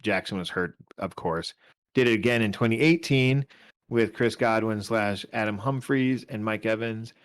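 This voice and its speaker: A man's voice: on the low side, normal speed, smooth. Tired, rambling male podcast co-host. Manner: rambling, restarts often, argues his picks. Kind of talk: casual fantasy football chat.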